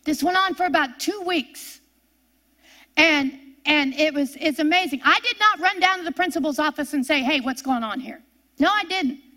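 A woman's voice: high voice, moderate pace, sharp tone. An older woman preaching a fervent sermon, repeating her refrains and telling stories from her own life.

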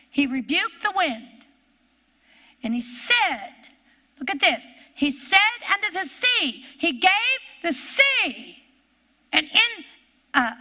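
A woman preaching a sermon, swinging from loud, fervent peaks to hushed lows and reading scripture aloud. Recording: echoey hall.

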